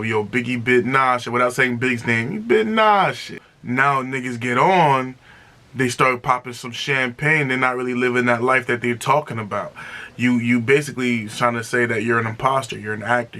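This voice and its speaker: A man hosting a music reaction video, talking casually and excitedly, often repeating himself and breaking into exclamations. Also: mid-range voice.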